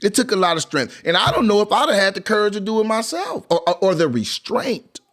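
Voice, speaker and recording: A man reacting to press conference footage in animated commentary, exclaiming and laughing as he talks. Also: high voice, fairly quick. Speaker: commentary video host.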